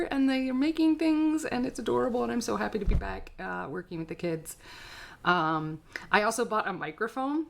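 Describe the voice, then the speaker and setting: Chatty woman teaching a craft stream. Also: lowish voice. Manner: chatty and rambling, with frequent "um"s and asides. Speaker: art teacher and tutor. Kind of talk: casual live-stream craft tutorial.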